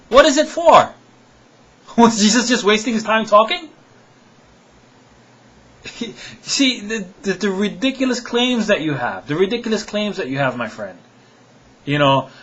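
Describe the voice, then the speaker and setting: A religious apologist delivers a heated direct-to-camera rebuttal to a critic, firing off rhetorical questions, chuckling scornfully, and repeating himself when worked up. His voice is a little high, fairly bright, and husky, on dull audio.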